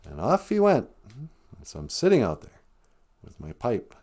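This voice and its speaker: A man's voice: mid-range voice, wildly swooping pitch, measured pace, long pauses, darkish tone. A man, a comedian, telling a personal story on a live stream in a chatty way, laughing often, quoting people and getting choked up. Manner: quotes people in short voiced bits.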